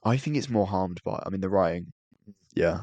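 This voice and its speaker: A man's voice: sits low, animated, normal speed, darkish tone. A man co-hosting a podcast, talking earnestly about films with frequent stammered restarts. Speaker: podcast co-host. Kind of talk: casual film review chat.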